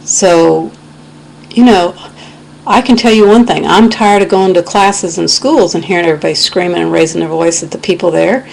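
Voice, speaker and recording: A woman's voice: fairly low pitch, moderate pace, gravelly, a little hiss or hum, poor audio. Indignant American woman in a webcam rant. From United States. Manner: indignant, impassioned, preachy with scripture. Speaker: video blogger. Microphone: webcam microphone.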